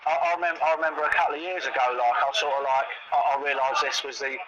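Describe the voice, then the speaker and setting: A man's voice: on the high side, little pitch movement, very fast, dull audio, over a noisy crowd. A man chatting casually, rambling and repeating words as he tells stories, with lots of quoted dialogue. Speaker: co-host. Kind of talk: casual chat. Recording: noisy home recording.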